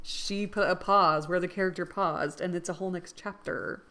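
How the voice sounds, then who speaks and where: Brief: woman reader, lower voice, reading a classic novel with chatty asides. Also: unhurried, long pauses. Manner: earnest reading broken by excited asides. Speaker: audiobook reader and book vlogger. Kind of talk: reading a novel aloud with casual commentary.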